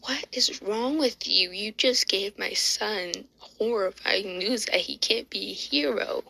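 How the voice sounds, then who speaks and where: A woman's voice: mid-range voice, takes it slowly, creaky, bright, forceful tone, heavily acted, low-quality recording. A woman voicing a worried, devoted mother in a casually retold fan story, questioning anxiously. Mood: upset.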